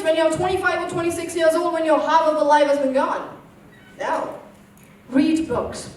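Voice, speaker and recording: A teenage girl with an Indian English accent gives an earnest motivational speech and keeps asking the audience rhetorical questions. Her voice is high. It rings through a large, very echoey hall and sounds distant from the mic. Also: steady tone, normal speed, slight background noise. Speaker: motivational speaker.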